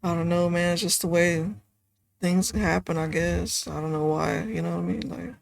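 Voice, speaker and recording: A woman guest on a podcast, talking casually and rambling with lots of "you know" and "like", going soft and subdued over hard memories. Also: on the low side, little pitch movement, moderate pace, gravelly, no room sound. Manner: soft, subdued when telling sad parts. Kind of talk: casual conversation.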